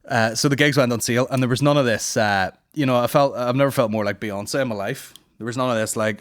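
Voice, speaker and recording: A man's voice: lowish voice, fairly even intonation, fast, few pauses, dry recording, clean studio sound. A young man hosting a comedy podcast, rambling and swearing in a casual monologue. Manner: rambling, profane, puts on silly voices.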